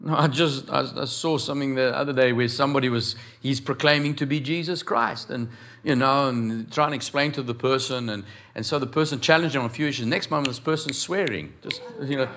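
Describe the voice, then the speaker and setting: A man preaching a lively sermon as pastor of a church, acting out voices and quotes along the way. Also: medium pitch, brisk.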